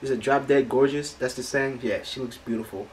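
A man hosting a music video reaction, talking casually and getting loudly excited, his voice cracking as he gushes. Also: medium pitch, a little fast, very noisy. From United States. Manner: hyped, exclamatory, voice cracking with excitement. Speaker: YouTube reaction host. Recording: music from the video playing loud behind. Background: music video playing.

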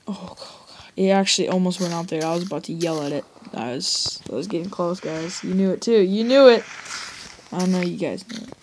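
A woman's voice: lowish voice, brisk, a little mellow, slight background noise. Rambling young woman gaming. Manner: rambling, jokey, talks to viewers. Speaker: let's play gamer. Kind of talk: casual game commentary.

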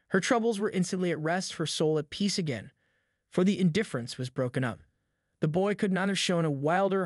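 Guy reading an audiobook, steady measured pace, bit higher voice, super dry close mic. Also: dry recording. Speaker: audiobook narrator. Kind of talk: scripted narration.

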